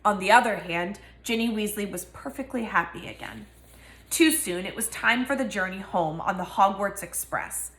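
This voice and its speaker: A woman's voice: medium pitch, normal speed, a bit bright, echoey room. A woman reading a novel aloud and giving each character a voice. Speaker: reader.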